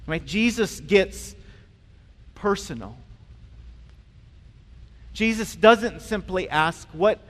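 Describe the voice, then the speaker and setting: A male pastor preaching a sermon in a conversational way, with frequent pauses and restarts. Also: high-pitched, lively intonation. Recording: long reverb in a large hall.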